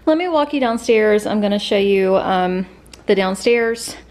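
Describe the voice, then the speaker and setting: A woman's voice: medium pitch, lively intonation, unhurried, darkish tone. A woman vlogger walking through her new house, chatting casually with many fillers and a little out of breath. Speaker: vlogger giving a house tour. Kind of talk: casual house tour narration. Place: indoors, a house.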